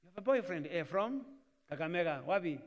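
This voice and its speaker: Preaching to young people in a church hall, a Kenyan-accented man mixes Swahili phrases into his English and acts out family conversations. His high voice is animated and fairly quick, and the church live stream carries a long reverb.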